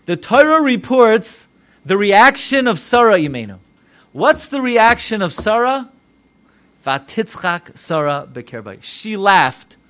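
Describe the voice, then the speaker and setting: Man, rabbi, sermon, animated, rhetorical questions, high voice. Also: measured pace.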